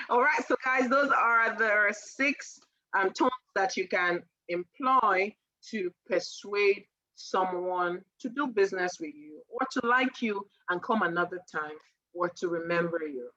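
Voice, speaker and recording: A woman teaching persuasion on a casual live stream, animated and laughing often as she acts out sales lines. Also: mid-range voice, measured pace, lo-fi sound.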